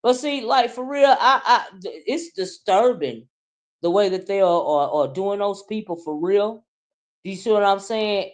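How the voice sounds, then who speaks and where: A woman hosting a casual livestream, teasing loudly and swinging from low mutters to shouts. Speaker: livestream commentary host.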